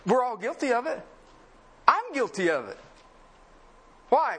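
A man's voice: very high voice, sing-song, measured pace, long pauses, pushed and bright, breathy edge. A man preaching a sermon in a conversational, sarcastic way, full of rhetorical questions. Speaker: pastor.

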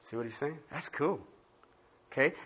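A pastor teaching a Bible-study sermon, asking the listeners questions and swinging from loud emphasis to quiet asides. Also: medium pitch, moderate pace, slightly rough.

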